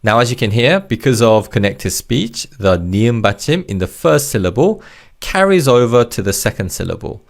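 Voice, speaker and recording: Gravelly man teaching Korean words. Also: medium pitch, very animated. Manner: patient, encouraging, slows down for drills. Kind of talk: language lesson narration.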